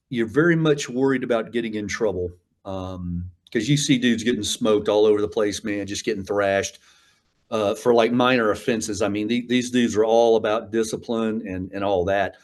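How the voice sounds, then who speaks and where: Low-voiced man in his fifties, rambling. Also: normal speed, a little mellow. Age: 50s. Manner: rambling, frequent fillers and restarts, says "man" often. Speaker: interview guest, combat veteran. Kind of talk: casual storytelling interview.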